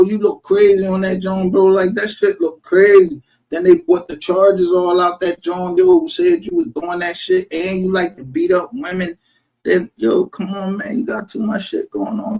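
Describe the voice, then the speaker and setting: A man's voice: high voice, gravelly, a little mellow, breathy edge, low-quality recording. A man ranting in a casual livestream commentary, profane, heated and rambling as he calls people out. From northern United States. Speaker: streamer. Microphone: home streaming setup.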